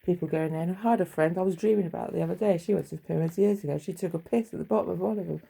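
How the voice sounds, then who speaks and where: A middle-aged woman talks in a rambling, offhand way, with a gravelly, husky edge to her voice. Her tone is low and mellow, and she drifts between wry asides and casual swearing as she chats from home. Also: rapid-fire, rough recording. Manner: chatty, wry, swears freely, laughs at own asides. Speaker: vlogger. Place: home bedroom.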